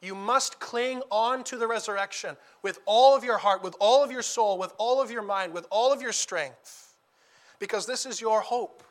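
A man preaching a sermon, earnest and emphatic. He drops quiet for a story, then builds to loud declarations. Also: high voice, moderate pace.

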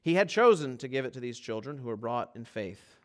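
A man preaching a sermon, swinging between loud, urgent passages and low, quiet ones, and slowing right down on key phrases. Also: sing-song. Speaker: pastor.

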